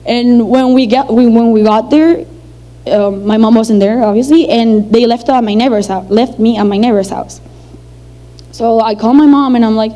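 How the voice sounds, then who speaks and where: A woman's voice: fairly high pitch, moderate pace, warm tone, low-quality recording. A young woman from Venezuela, telling a personal story to an audience in a chatty, filler-heavy way and acting out the dialogue. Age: young adult.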